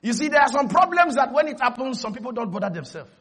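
High-pitched, shouting male preacher. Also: sing-song, fast, slightly rough. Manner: shouting, call-and-response exhortation. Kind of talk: sermon.

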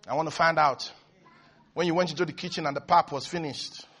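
A man preaching a sermon, swinging between quiet asides and high, excited shouts. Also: brisk, breathy edge, soft background music.

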